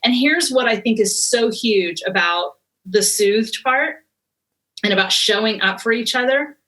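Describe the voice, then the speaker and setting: A woman's voice: on the high side, a little slow, fairly bright tone, low-quality recording. A woman in her forties, a parenting expert guest in an interview, speaking earnestly and reflectively about raising children. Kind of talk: conversational interview.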